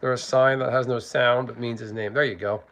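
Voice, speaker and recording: A man's voice: medium pitch, steady tone, fairly quick, a bit bright. A man hosting a casual cooking livestream from his home kitchen, rambling and reading out chat. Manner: rambling, chatty, reads out chat. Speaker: livestream host. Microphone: phone.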